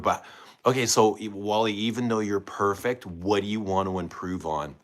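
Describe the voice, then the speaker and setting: Low-voiced male streamer, relaxed and chatty, quizzing his viewers. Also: normal speed. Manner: chatty, asks viewers questions. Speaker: livestream host. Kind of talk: casual livestream chat reading comments.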